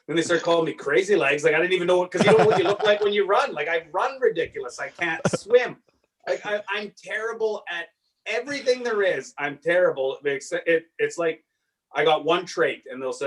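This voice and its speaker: Comedian guy from saskatchewan, rambly self-deprecating stories, kinda high voice, sits far off the mic. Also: fairly quick. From Saskatchewan, Canada. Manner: rambling, self-deprecating storyteller, acts out quotes loudly. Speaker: stand-up comedian guest. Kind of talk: casual podcast chat.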